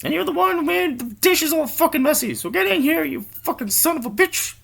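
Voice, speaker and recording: Shrill nagging wife, screeching insults, way up high. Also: male voice, lively intonation, a little fast, vocal fry, a bit bright, full character voice. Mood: shrieking nagging. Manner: screeching, crude.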